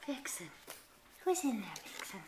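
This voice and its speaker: A woman filming her kittens at home, talking to them in a soft, sing-song baby-talk voice. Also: fairly high pitch, very animated, normal speed. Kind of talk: cooing at kittens while filming. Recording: echoey room, faint noise.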